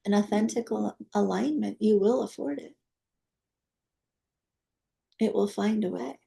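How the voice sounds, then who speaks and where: Deep, gravelly woman leading a guided meditation. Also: unhurried. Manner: soft, coaxing, prayer-like invocations. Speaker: energy healing teacher.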